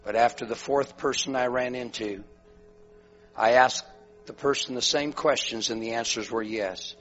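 Man, preacher, sermon, loud then hushed storytelling, mid-pitched voice, dull recording. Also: moderate pace. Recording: dull lo-fi recording with faint music and mains hum.

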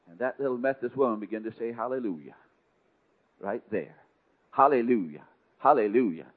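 A man preaching a sermon, telling a story with dramatic swings from hushed to loud. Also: mid-range voice, a little fast. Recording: tinny phone-like sound.

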